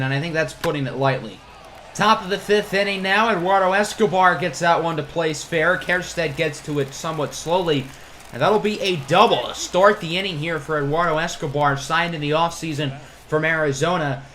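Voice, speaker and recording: A man giving play-by-play commentary over a video game, excitable on big plays with wry asides. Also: a little high, slight background noise. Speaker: gaming channel host.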